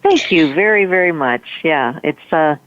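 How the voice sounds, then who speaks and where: A woman guest and author telling a personal story in an animated way, with many restarts. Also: sits low, moderate pace, slight background noise. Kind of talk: storytelling in a conversation. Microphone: phone line. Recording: tinny phone line.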